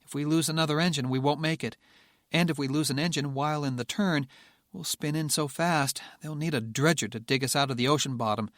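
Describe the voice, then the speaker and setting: A man's voice: a little high, fairly quick, a bit bright, dry recording, clean studio sound, voice pushed up, natural voice. A man voicing a tense, blunt female bomber co-pilot who talks with urgent insistence.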